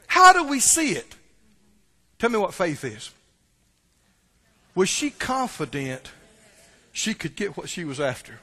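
A male preacher delivering an animated sermon and calling for answers from the congregation. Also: high-pitched, slow, pauses often. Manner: animated, calls for responses from the congregation. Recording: long church-hall reverb.

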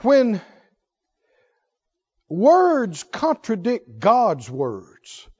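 A man with a high voice preaches a sermon, moving between quiet storytelling and loud emphasis. The recording sounds dull and lo-fi. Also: huge pitch swings, extremely slow, slightly rough, long reverb tail. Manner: storytelling, swings between soft low asides and loud emphatic lines.

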